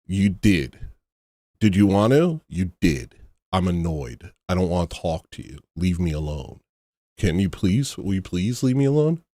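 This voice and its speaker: Male livestream host, lowish voice, close dry mic, sarcastic and weary. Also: sing-song, a little slow, dark tone, dry recording. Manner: sarcastic, exasperated, mocking. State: tired. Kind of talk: casual livestream talk.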